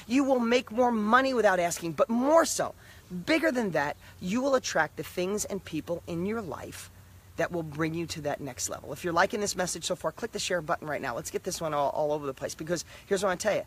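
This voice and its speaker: High-voiced energetic motivational man. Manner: energetic, emphatic, repetitive punchy phrases. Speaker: motivational speaker. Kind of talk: motivational talk to camera.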